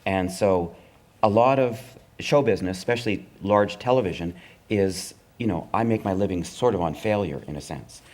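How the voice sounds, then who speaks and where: Wry storytelling middle-aged man, lowish voice. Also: moderate pace, a little mellow. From Canada. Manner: wry, anecdotal, acts out the voices of network executives. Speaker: comedy writer and performer, guest. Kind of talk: live onstage conversation, storytelling.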